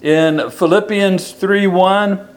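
A man preaching a sermon, slow and deliberate, repeating key phrases for emphasis. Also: sits high, fairly even intonation.

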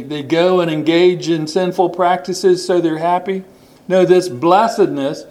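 A man's voice: on the high side, a little mellow, poor audio. A man preaching a sermon, reading scripture aloud and stressing and repeating key words.

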